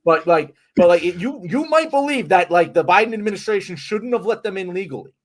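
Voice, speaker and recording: A man's voice: high voice, expressive, brisk. A young man in heated political chat, swearing and ranting with emphatic anger. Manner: angry, swearing, emphatic rants.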